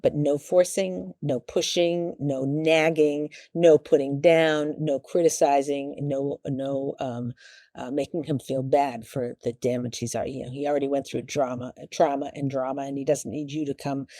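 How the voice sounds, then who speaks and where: Talk show host, woman, warm mellow tone, dry close sound, chatty and meandering. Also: rumbling low, steady tone, dry recording. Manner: rambling, halting, acts out quoted lines. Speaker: talk show host giving marriage advice. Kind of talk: casual advice talk.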